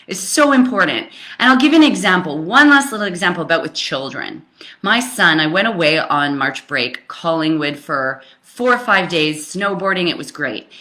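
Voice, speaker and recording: A woman's voice: on the low side, pushed and bright. A woman giving a casual live coaching talk on relationships, speaking candidly and emphatically, swearing freely and rambling with fillers. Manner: rambling with frequent fillers and restarts.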